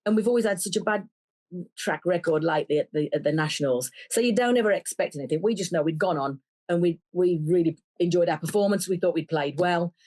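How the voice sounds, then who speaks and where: A woman, a brass band member telling a story in a lively way and acting out the voices of others. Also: lowish voice, quick pace. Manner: lively, acts out quoted voices. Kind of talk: animated storytelling.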